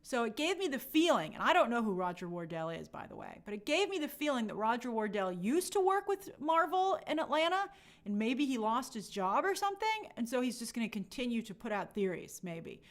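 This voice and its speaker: A young woman hosting a casual live stream, reading viewer comments aloud and chatting in an animated way with many fillers. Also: on the high side, fairly quick. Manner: chatty, animated, lots of fillers and quoted asides.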